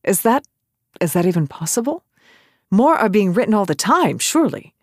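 A man's voice: sits high, very animated, moderate pace, no echo, clean studio sound, pitched above the performer's own voice, exaggerated voice. A man voicing a curious young woman warrior. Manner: wondering, earnest questions.

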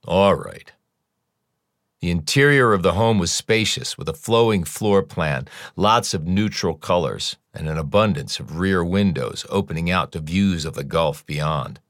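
A man narrating an audiobook with a very low voice, reading in a measured, even way. The recording is dry and close, with no room sound. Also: no room sound. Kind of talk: scripted narration.

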